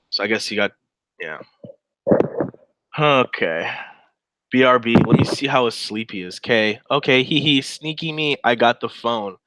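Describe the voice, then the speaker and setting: A man's voice: medium pitch, bright, forceful tone, no echo, poor audio. A man giving casual, sarcastic commentary while reading through a chat log aloud, with wry asides.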